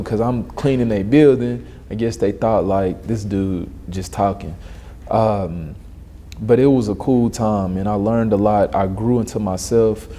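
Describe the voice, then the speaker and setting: Young man, interview guest, lively storyteller, low mellow voice. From Dallas, Texas. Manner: animated storyteller, acts out quoted voices.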